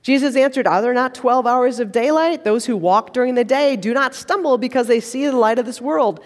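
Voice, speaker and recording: A woman's voice: on the high side, brisk. A woman preaching a sermon in a church, praying and reading scripture with conversational, playful asides. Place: church sanctuary. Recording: long reverb of a large church.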